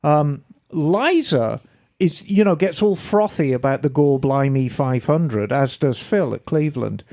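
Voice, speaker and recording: A woman hosting a podcast, chatting casually and reading listener emails in a lively, storytelling way. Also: low voice, measured pace. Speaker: podcast host.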